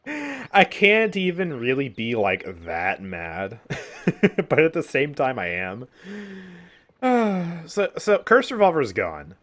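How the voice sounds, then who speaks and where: A man's voice: medium pitch, wildly swooping pitch, slow, fairly bright tone. A young man giving casual gameplay commentary on a game update, sarcastic and exasperated, often sighing and laughing. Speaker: gaming YouTuber.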